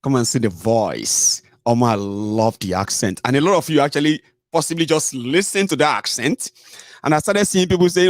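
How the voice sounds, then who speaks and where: A man's voice: medium pitch, animated, moderate pace, no room sound, studio quality. A Nigerian man hosting a casual livestream, chatty, mixing in pidgin and frequent "eh" and "omo". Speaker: host.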